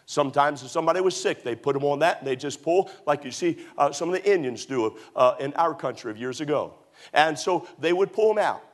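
A man preaching a sermon as a pastor, telling stories with sudden high whoops and shouts. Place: church auditorium.

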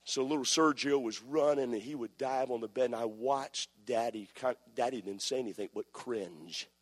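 A man, a pastor preaching a sermon, swinging from loud passionate peaks to quiet storytelling. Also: mid-range voice, normal speed. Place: church sanctuary. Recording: long reverb of a church hall.

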